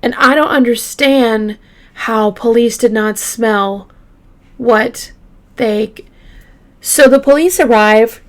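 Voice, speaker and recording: A young woman with a somewhat high voice tells a true crime case at an unhurried, drawn-out pace. She chats with her listeners directly and lets her feelings show as she goes. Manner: chatty, emotional, addresses listeners directly. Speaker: true crime podcast host. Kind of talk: casual true crime storytelling.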